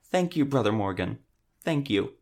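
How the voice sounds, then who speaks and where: A man's voice: mid-range voice, lively intonation, moderate pace, creaky, darkish tone. A man reading an audiobook, voicing a sick old woman who speaks in a dry whisper. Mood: grateful.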